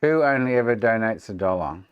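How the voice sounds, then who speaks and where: A man's voice: on the low side, expressive, a little fast, clear, resonant tone, no echo, phone-quality sound. An Australian man chatting casually and sarcastically with viewers on a live stream, swearing freely. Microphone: desk microphone.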